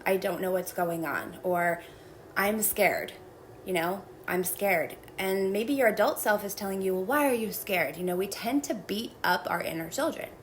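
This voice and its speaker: A woman guest calmly explaining a self-help technique in a measured, reflective way. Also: medium pitch, slight background noise, poor audio.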